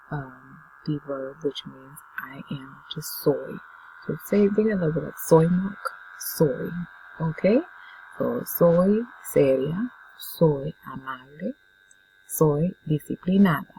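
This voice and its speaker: Woman, patient language teacher, dark mellow tone, unhurried drilling delivery. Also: low-pitched, gravelly, a little hiss or hum, poor audio. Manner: patient, drills words for students to repeat. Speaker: Spanish teacher. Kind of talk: classroom language lesson.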